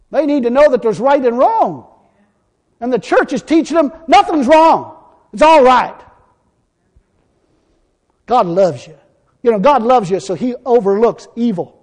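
Preacher man, high voice, blunt and folksy, gets loud and excited. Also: unhurried, long pauses. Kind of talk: fiery sermon.

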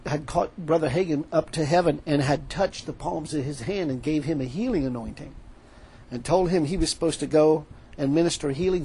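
Animated man preaching, gravelly and husky. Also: fairly high pitch, rough recording. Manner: animated preaching, retelling a story with quoted dialogue. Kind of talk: sermon.

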